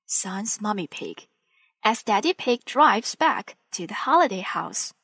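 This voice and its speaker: Woman storybook narrator, expressive, unhurried, lively rise and fall. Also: mid-range voice, no echo. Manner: expressive and clear. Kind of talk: children's storybook reading.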